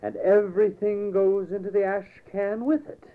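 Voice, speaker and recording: A man's voice: high-pitched, steady tone, normal speed, narrow, tinny audio, natural voice. A man reading a comedy play aloud, voicing an imperious critic with dry, cutting sarcasm. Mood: sarcastic. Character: acerbic, imperious male celebrity critic. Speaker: amateur reader performing a comedy play. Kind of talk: read-aloud play scene.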